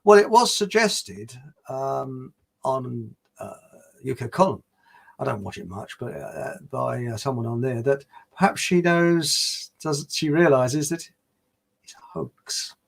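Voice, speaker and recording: A man's voice: mid-range voice, animated, takes it slowly, creaky. A man hosting a livestream, chatting casually and rambling through anecdotes and viewer comments with plenty of fillers and restarts.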